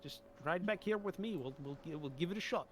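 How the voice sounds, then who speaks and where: A man running a tabletop game as game master, halting and laughing as he narrates. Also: sits high, slight background noise. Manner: halting, full of fillers and laughs.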